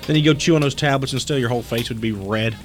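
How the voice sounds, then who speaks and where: A man's voice: mid-range voice, quick pace, soft background music. Rambling, mocking late-night radio co-host man. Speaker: radio talk show co-host.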